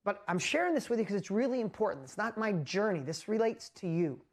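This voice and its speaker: A man hosting a live motivational talk, telling his story with animated energy and lots of exclamations, and often asking the audience questions directly. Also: sits high, quick pace. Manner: speaks straight to the audience with rhetorical questions. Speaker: host and motivational speaker.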